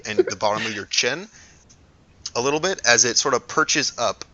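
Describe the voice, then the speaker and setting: A man narrating a tabletop game as game master, halting and full of fillers as he describes scenes. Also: medium pitch, animated, heavy background noise. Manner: hesitant, lots of ums and restarts while describing scenes. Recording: dull lo-fi recording.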